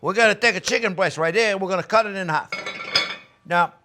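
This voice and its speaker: A man's voice: sits high, fairly quick, pushed and bright. An older man hosting a cooking demonstration, enthusiastic and coaxing, talking straight to viewers as his friends. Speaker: chef and cooking show host.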